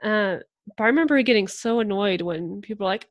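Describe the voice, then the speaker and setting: A woman co-hosting a casual chat who talks quickly and laughs easily. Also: mid-range voice. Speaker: podcast co-host.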